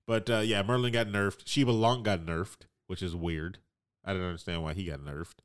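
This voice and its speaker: A man's voice: low voice, steady tone, moderate pace, smooth. Rambling man in casual gaming chat. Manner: rambling, trails off with fillers.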